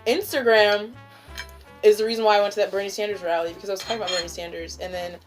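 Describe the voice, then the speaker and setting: A woman's voice: mid-range voice, steady tone, very fast, soft background music. A young woman hosting a casual chat with a friend, rambling with lots of fillers and frequent giggles. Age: young adult. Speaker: channel host. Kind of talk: casual chat during a stoned mukbang.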